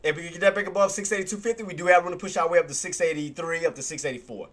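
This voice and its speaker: A man giving live trading commentary on his stream. He talks excitably, repeats himself often, and swears. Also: on the high side, rapid-fire. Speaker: day-trading livestreamer.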